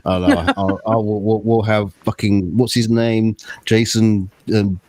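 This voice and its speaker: A man's voice: fairly low pitch, little pitch movement, unhurried, a crowd in the background. A man co-hosting a casual online chat, telling stories with lots of stammering, repeated words and swearing. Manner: stammers and repeats words, swears, laughs at his own story. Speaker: co-host of a group live chat.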